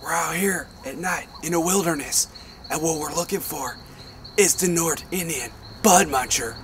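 Excitable man hosting a spoof nature show. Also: fairly high pitch, normal speed, noisy background. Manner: excitable, overblown presenter bravado. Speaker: spoof wildlife explorer host. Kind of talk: comedic mock nature documentary. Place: outdoors in trees and brush.

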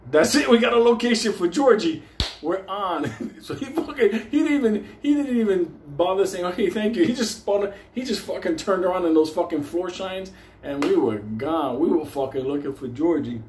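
A man's voice: high voice, normal speed. A man telling a casual story, swearing constantly and laughing as he goes. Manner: animated, swears constantly, laughs through the tale. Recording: roomy echo with faint noise.

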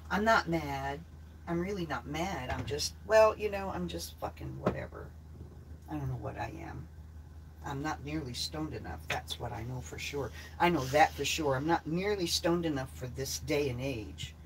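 A woman's voice: on the low side, sharp tone, slight background noise. A woman talking on her own livestream, blunt and heavily profane. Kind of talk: casual livestream talk.

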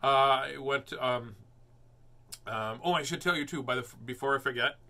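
A man hosts a live read-aloud of a children's book, chatting playfully between pages. His bright, forceful, mid-range voice moves at normal speed, and he rambles and jokes with many fillers and silly sounds.

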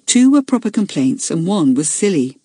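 A woman narrating a children's school story, measured and clear in delivery. Her voice is soft and breathy, recorded close and dry with no room sound. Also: fairly low pitch, very animated, no echo. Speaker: audiobook narrator. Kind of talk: scripted audiobook narration.

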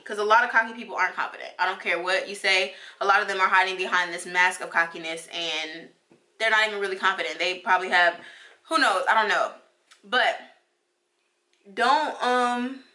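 A woman in her twenties, a beauty vlogger and law student, chats casually while getting ready in a get-ready-with-me video. Her bright, mid-range voice has a forceful tone, and she speaks emphatically, repeating phrases to drive her encouragement home.

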